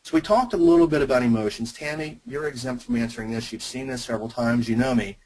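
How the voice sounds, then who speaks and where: A man's voice: medium pitch, fast talker, darkish tone, breathy edge, low-quality recording. A man presenting a sales webinar, speaking emphatically and addressing his listeners directly. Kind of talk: teaching webinar call.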